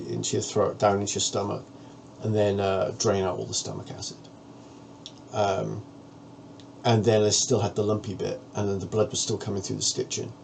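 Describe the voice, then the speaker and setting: A man with a low, gravelly voice speaks in a candid to-camera monologue, frank and earnest. A faint hiss sits behind him. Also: a little mellow. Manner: frank, plain-spoken, earnest. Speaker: vlogger.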